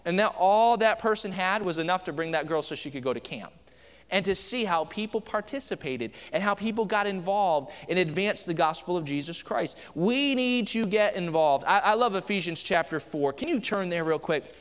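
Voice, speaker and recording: A man's voice: sits high, lively intonation, moderate pace, a bit bright, clear, resonant tone, long reverb tail. A man in his thirties, a pastor giving a conversational sermon full of family stories, with frequent restarts. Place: church sanctuary.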